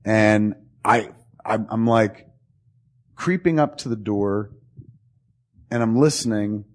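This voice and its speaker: A man tells a friend a long story in casual conversation, swearing and animated, playing both parts of the dialogue himself. His voice sits on the low side and he speaks slowly.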